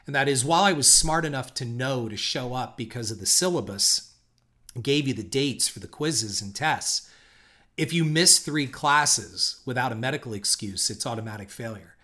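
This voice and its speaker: A man's voice: medium pitch, normal speed, bright, forceful tone. A middle-aged man hosting a podcast, telling a personal story in a candid, reflective way with the odd curse word. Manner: candid, reflective, occasional swearing. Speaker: podcast host.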